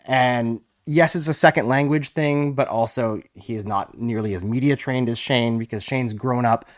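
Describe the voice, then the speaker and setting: A man's voice: mid-range voice, normal speed. A man co-hosting a podcast, recapping scenes and explaining in an easygoing, conversational way. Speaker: podcast co-host. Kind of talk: casual chat.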